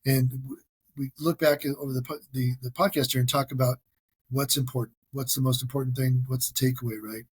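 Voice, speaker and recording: A man's voice: medium pitch, little pitch movement, fairly quick, slightly rough, dry recording. A man hosting a solo podcast, talking in an earnest, self-deprecating way with frequent restarts. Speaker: podcast host. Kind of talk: casual solo podcast monologue.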